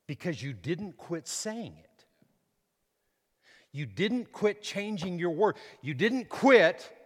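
A middle-aged man preaching a sermon, emphatic, swinging from quiet to loud and repeating words. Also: high-pitched, very animated, slow, slightly rough, big-room sound.

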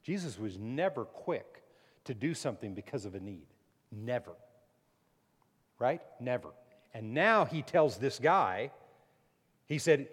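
A man preaches in a church, his voice carrying a long reverb tail through the hall. He reads scripture and comments on it, climbing to loud, emphatic peaks and then dropping low and quiet to press a point home. His pitch sits in the middle range for a man. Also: lively intonation, measured pace. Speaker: pastor. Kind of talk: sermon.

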